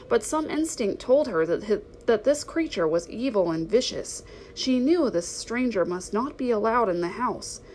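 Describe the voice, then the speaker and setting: A woman reading a children's storybook aloud in an expressive, steady narration. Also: fairly high pitch, slight background noise, poor audio. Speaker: reader.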